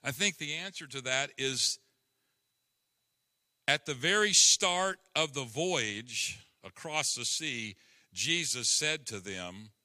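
A middle-aged male pastor preaching a sermon, slow and emphatic, climbing to impassioned peaks. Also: medium pitch, animated, sharp tone. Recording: long hall reverb.

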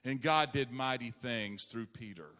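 A man preaching a sermon as a pastor, swinging between loud emphasis and hushed asides. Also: medium pitch, measured pace, in a large hall.

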